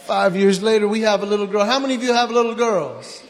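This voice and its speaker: A man's voice: sits high, fast, big-room sound, a faint crowd. A man doing stand-up comedy before a live audience, animatedly telling family stories.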